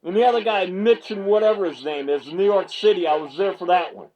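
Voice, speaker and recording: Fired-up husky man ranting. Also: high voice, brisk, dull audio. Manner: fired-up, ranting, repeats himself, stammers when excited. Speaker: MMA media commentator and channel host. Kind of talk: reaction video rant. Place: small home video set.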